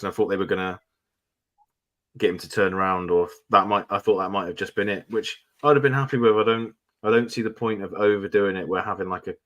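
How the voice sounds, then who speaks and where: Casting note: man, lower voice, opinionated, rambling co-host. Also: a bit bright. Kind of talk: casual chat.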